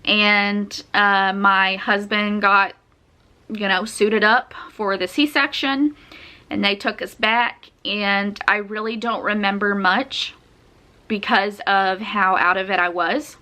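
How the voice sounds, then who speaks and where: A young woman vlogger tells her birth story in a casual, chatty way, full of fillers and frequent laughter. Her mid-range voice is bright and a little pushed, holding a steady tone as she takes her time.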